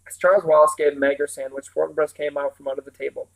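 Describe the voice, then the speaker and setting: A man reading a novel aloud with steady, even storytelling. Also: on the high side, fast, gravelly, rough recording. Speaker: reader.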